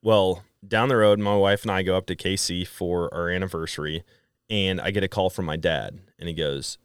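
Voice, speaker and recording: Deep-voiced man telling a lively story. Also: normal speed, smooth, dry recording, clean studio sound. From Wisconsin. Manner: animated storyteller acting out quoted dialogue. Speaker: podcast guest. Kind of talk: casual storytelling chat.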